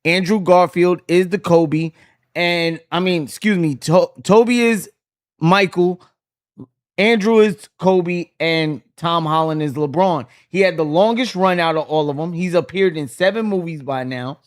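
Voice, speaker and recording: A man with a high, light voice hosts a casual podcast discussion. He talks in an animated way and keeps throwing questions to his co-hosts. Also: unhurried. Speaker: podcast host.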